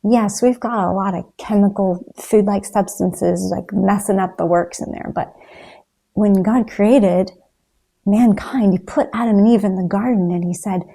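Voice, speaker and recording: A woman's voice: mid-range voice, steady tone, unhurried, gravelly, dark tone. A woman talking in a motivational vlog, earnest and encouraging as she addresses her viewers. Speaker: raw food vlogger.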